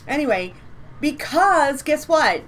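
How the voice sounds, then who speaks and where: A woman with a high, sing-song, somewhat bright voice speaks slowly while co-hosting a live psychic reading stream from home. Her casual live-stream chat is chatty and upbeat, and she repeats words for emphasis.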